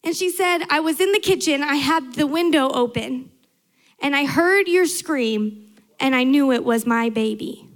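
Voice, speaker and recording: A woman's voice: high voice, expressive, measured pace. A young adult woman preaching a sermon to a large church, earnest and emphatic, building through repetition.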